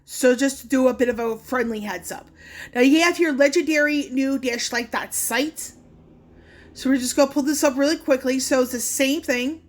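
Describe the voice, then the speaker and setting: A woman's voice: sits high, normal speed. A woman vlogger talking casually through a screen recording, earnest and warning, with fillers and restarts. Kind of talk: casual screen-share walkthrough.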